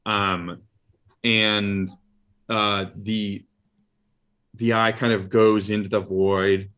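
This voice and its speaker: A man narrating as dungeon master of a tabletop game, describing scenes in a halting way full of fillers and restarts. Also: fairly low pitch, little pitch movement, fairly bright tone, clear, resonant tone.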